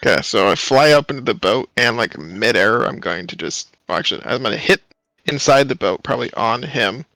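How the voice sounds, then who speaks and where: Man, tabletop player, gravelly, lively pitch, laid-back. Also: a little fast, dry recording, poor audio. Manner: laid-back, terse replies. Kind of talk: casual tabletop play.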